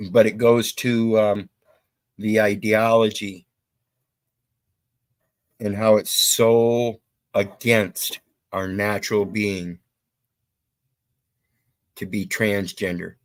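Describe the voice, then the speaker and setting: Low dry guy preaching his opinions, blunt, swears. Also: no room sound. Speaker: commentary host. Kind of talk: opinionated commentary.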